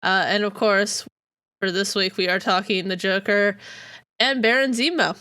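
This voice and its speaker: A woman co-hosts a podcast, chatting casually and rambling with plenty of fillers. Her mid-range voice is steady, bright, forceful and clean at a normal speed, in a dry, clean studio recording.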